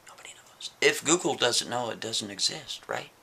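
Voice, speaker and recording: Bright-voiced man telling a story casually. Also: medium pitch, normal speed, creaky, a little hiss or hum. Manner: animated, chatty, frequent asides to the listener.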